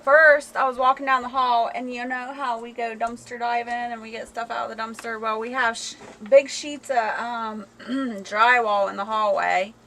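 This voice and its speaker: A woman hosts a casual home livestream over her phone camera, reading out viewer comments and chatting between laughs. Her voice is bright and a little high, with a faint hiss behind it. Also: fairly even intonation, normal speed, few pauses, rough recording. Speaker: livestream host. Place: home, indoors.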